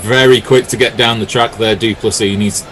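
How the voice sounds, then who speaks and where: A man giving live ball-by-ball cricket commentary, with lively calls and jokey banter with his co-commentator. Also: fairly low pitch, fairly quick, a little hiss or hum.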